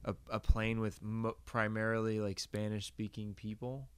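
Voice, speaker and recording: A man's voice: fairly low pitch, little pitch movement, moderate pace, clean tone, no room sound. A man telling a crude, rambling comic story in a casual podcast chat.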